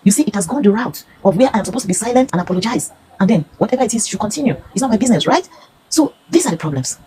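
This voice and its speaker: A woman's voice: medium pitch, expressive, rapid-fire, background noise. A Nigerian woman in her fifties giving an earnest, pleading personal testimony. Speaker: consumer reviewer.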